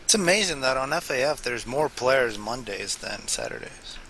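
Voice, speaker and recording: A man giving casual co-commentary on a strategy game, chiming in with quick upbeat remarks. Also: medium pitch, lively intonation, sharp tone, slight background noise, rough recording.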